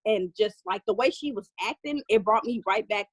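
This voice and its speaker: A woman in her thirties on a video call, telling a painful family story in a raw, profane, rushed way. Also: medium pitch, slightly rough, no echo. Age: 30s. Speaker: group member sharing her story. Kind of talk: emotional personal storytelling.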